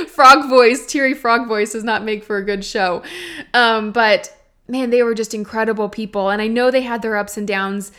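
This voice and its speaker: A young woman from Texas talks through her solo podcast. She sounds chatty and earnest, speaking straight to her listeners in a voice that sits a little high. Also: steady tone, normal speed, clean tone. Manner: warm, chatty and earnest, addressing listeners directly. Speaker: podcast host. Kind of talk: casual solo podcast talk.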